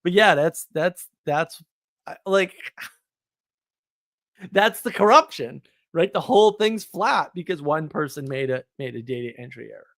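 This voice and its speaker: A man, telling a story on a live stream in an animated, indignant way. He laughs often and repeats words. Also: on the high side, unhurried, no echo. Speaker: podcast host.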